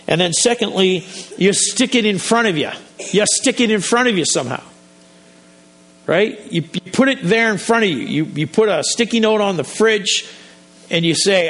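Male pastor preaching, chatty storytelling, bit higher voice, lots of restarts. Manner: conversational, storytelling, many restarts. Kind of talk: sermon.

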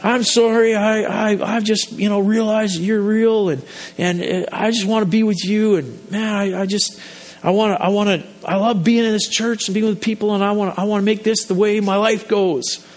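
A man's voice: sits high, steady tone, pitched above the performer's own voice, lightly acted. A man voicing an earnest young man praying. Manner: halting, heartfelt, stumbling over words.

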